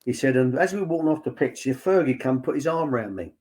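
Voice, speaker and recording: An older man talks in a relaxed, anecdotal way. He rambles through stories full of "um" and "he said," with an even, mid-pitched voice. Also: fairly quick. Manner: chatty storyteller, lots of "he said" and fillers. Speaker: former football academy director, guest. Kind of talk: anecdotal casual chat.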